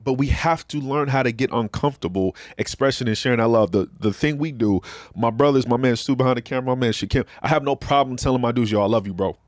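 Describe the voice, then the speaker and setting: A man's voice: mid-range voice, fast, dry recording, studio quality. A man, talking in a slangy, preachy way and acting out quotes. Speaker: podcast host. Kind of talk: casual talk show discussion.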